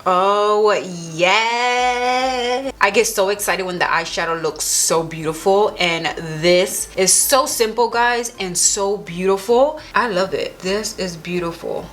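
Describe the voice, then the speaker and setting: A young beauty vlogger narrates a makeup tutorial, gushing enthusiastically as she applies products. Her medium-pitched voice has a fairly bright tone and a slow pace.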